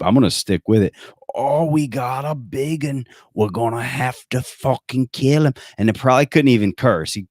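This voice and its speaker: A podcast host with a low, darkish voice delivers a casual comedic rant that is sarcastic, profane and rambling. The recording is dry and studio quality.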